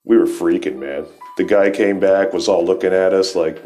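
A man's voice: sits low, normal speed, darkish tone, soft background music. A man in his forties telling rambling, profane stories in a laid-back stoner way as the host of his show. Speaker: podcast host. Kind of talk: casual storytelling.

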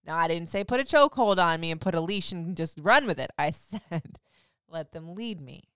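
A woman in her thirties, a radio host, talking candidly and chattily in a casual monologue, getting loud for emphasis and dropping soft for asides. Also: lowish voice, expressive, a little fast, smooth, no echo, studio quality.

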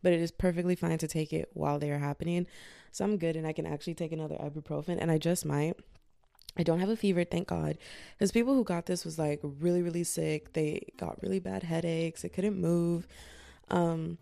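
A woman's voice: fairly low pitch, steady tone, a little fast, creaky, warm tone, no room sound, clean studio sound. A young woman in her twenties hosting a casual podcast from bed, tired, loose and profane, slipping into voices when she quotes people. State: fatigued. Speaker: podcast host. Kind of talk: casual chatty podcast monologue. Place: lying in bed indoors.

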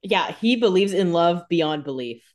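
A woman's voice: fairly low pitch, expressive, moderate pace. A woman co-hosting a podcast, chatting casually and reacting to a TV recap. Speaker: podcast co-host.

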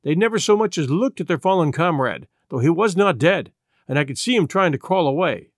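Male audiobook narrator, measured and even, light-pitched voice, dry close sound. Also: no echo. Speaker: audiobook reader. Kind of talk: scripted narration.

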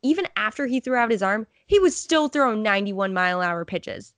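A woman's voice: mid-range voice, expressive, fairly quick, fairly bright tone, no echo. A woman co-hosting a sports podcast, talking in an earnest, upbeat way as a fan. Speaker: podcast co-host. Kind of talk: casual sports podcast chat.

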